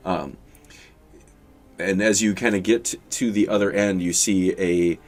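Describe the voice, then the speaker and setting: A man narrating a tabletop game as game master, halting and full of fillers. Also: low-pitched, steady tone, faint music behind.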